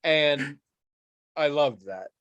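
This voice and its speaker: A man's voice: a little high, expressive, drawn-out words, a bit bright, muffled recording, slight background noise. A man hosting a casual podcast, talking in a sarcastic, mock-grumpy way and swearing freely. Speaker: podcast host.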